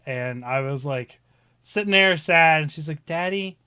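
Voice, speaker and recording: Animated man telling stories with bright tone. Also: fairly high pitch, unhurried, clear, resonant tone, no room sound, clean studio sound. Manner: animated storyteller, laughs often. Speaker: stream host. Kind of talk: casual chat.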